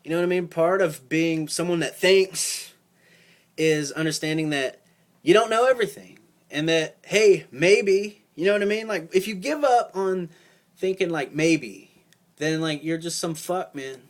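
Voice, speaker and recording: A young man with a fairly high voice vents in a loose, rambling monologue. He swears often, leans on filler words, and grows heated as he goes. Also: a little slow. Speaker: vlogger. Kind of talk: casual ranting monologue.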